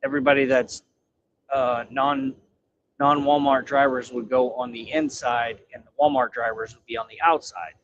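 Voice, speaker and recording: A man's voice: medium pitch, steady tone, normal speed, a bit bright, muffled recording, a little hiss or hum. A man driving a truck and chatting casually on a livestream, profane, laughing and telling stories. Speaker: truck driver.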